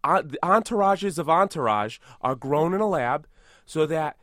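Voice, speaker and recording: Brief: man playing a boastful tough-guy celebrity, rambling and absurd, fairly high voice, dry close mic. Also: normal speed, dry recording. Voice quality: rambling, self-aggrandizing, deadpan absurd. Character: boastful tough-guy movie star impression, male adult. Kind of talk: improvised comedy podcast.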